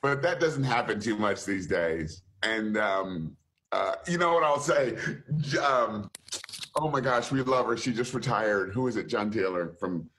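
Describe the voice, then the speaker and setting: A man's voice: fairly low pitch, measured pace. A male voice actor tells a story with lots of swing in his voice, rising and falling as he builds to the punchline. He laughs between lines. He's talking over a call through his computer mic. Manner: lively storyteller who laughs and slips into voices. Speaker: voice actor guest. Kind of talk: animated anecdote telling. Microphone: computer mic on a remote call.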